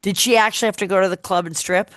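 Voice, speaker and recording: A woman hosting a podcast interview, chatty and quick to jump in with questions. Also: medium pitch, steady tone, a bit bright, dry recording, studio quality. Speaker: podcast host. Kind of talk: casual interview chat.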